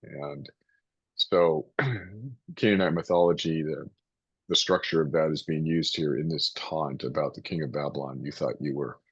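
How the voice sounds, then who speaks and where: A man reading scripture aloud and then explaining it in a loose, hesitant teaching style, clearing his throat now and then. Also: a bass voice, normal speed, no echo, muffled recording. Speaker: Bible teacher.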